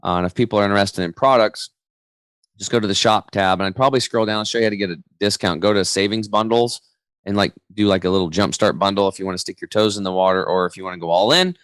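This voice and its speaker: This forties-aged health coach, appearing as a podcast guest, talks fast in a smooth, low-leaning voice with no room sound. He's an energetic, slangy storyteller who acts out quotes during a casual interview chat.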